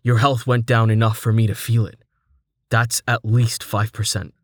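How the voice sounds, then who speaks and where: A man's voice: lowish voice, little pitch movement, moderate pace, no echo, studio quality. A man voicing a worn-out young male adventurer in an audiobook, speaking in weary, clipped sentences. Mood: tired.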